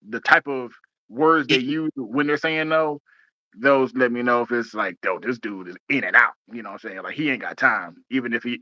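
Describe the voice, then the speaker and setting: A man hosting a casual podcast chat, talking fast and excitedly, often repeating words as he restarts. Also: medium pitch, no room sound, lo-fi sound. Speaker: podcast host.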